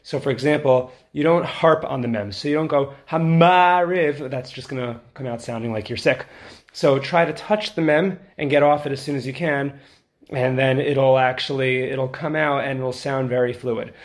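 A man teaching how to lead prayer, explaining quickly in plain talk and then chanting the tunes slowly to show them. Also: medium pitch, fairly even intonation. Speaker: prayer leader instructor. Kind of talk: teaching lesson with chanted demonstrations.

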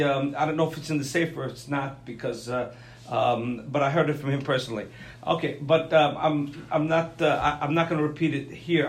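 A man's voice: fairly high pitch, roomy sound. A man teaching a conversational Torah class, often checking in with "okay?" and "right?".

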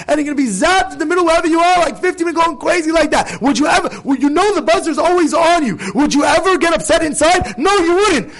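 A man's voice: very high-pitched, fairly bright tone. A man preaching as a rabbi to a live group, emphatic and full of rhetorical questions. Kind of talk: sermon.

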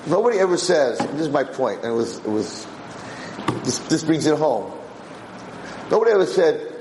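Male Torah teacher, higher voice, expressive lecturing, roomy echo with a faint hiss. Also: normal speed, long pauses. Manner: animated, acting out the voices of people he quotes.

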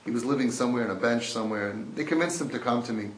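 A man teaching a sermon-style class, swinging from hushed to loud and mixing in Yiddish and Hebrew terms. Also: mid-range voice, rapid-fire, a little hiss or hum. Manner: swings between hushed and shouting, acts out voices. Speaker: rabbi giving a Torah class. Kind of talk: impassioned sermon. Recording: echoey room.

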